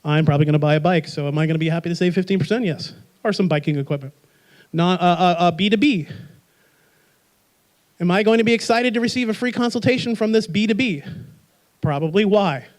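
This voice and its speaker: A man giving a live marketing workshop, energetic and joking, quizzing the audience with rhetorical questions. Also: sits high, fast.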